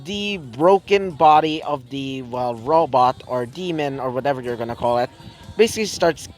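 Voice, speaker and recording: A man's voice: medium pitch, expressive, normal speed, faint music behind. A young man narrating an improvised fan story, rambling and full of fillers. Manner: rambling, filler-heavy, many "well"s and "like"s.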